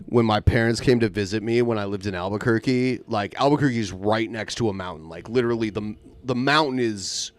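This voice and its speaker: A man's voice: fairly low pitch, a little fast, hardly any pauses. A man co-hosting a podcast, chatting in a laid-back way and telling stories. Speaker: podcast co-host. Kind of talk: casual chat.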